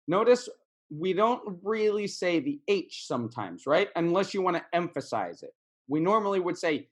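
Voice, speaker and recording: A man's voice: high-pitched, very animated, moderate pace. A man teaching English in a casual video lesson, repeating words and phrases for practice.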